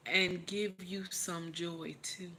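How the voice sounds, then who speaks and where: A woman's voice: lowish voice, steady tone, takes it slowly, noisy background. A woman hosting a livestream, tearful, giving emotional motivational talk and repeating her encouragements over and over in a preachy way. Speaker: livestream host.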